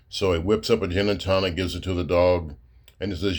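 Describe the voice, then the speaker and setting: A man with a deep, low voice tells a joke on his own channel. He is laid-back and casual and drops in filler words as he goes. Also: fairly even intonation, fairly quick. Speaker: writer and channel host.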